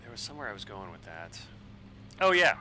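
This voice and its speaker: A man in his forties, a bit tipsy on wine, rambling and swearing excitably while chatting on a flight sim live stream. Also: sits low, very fast, a little hiss or hum, rough recording. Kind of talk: casual live-stream chat while flying.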